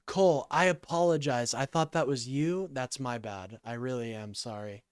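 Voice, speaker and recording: A man's voice: medium pitch, normal speed, smooth, no echo, clean studio sound. A sleepy, yawning man hosting a casual call-in livestream, rambling and apologizing as he talks to chat.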